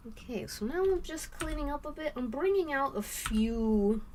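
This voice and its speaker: Playful woman streamer with a lively voice. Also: sits high, normal speed, slight background noise. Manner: playful, chatty, thanks viewers, hums and sings little sounds. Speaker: streamer drawing live. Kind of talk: casual live-stream chat while drawing.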